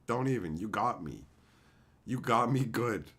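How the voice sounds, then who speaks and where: A man chatting casually with viewers on a live stream, profane, animated and openly emotional. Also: lowish voice, a little slow, slightly rough.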